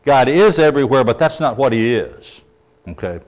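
A man preaches with emphasis in a mid-range, animated voice at a moderate pace. He regularly checks in with the audience and lets the ends of his phrases fall soft.

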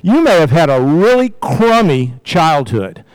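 A man's voice: a little high, sing-song, a little slow, smooth, no echo, low-quality recording. An older man preaching a casual, conversational sermon to his church, peppering his points with "you know" and "right?" and light chuckles. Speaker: pastor.

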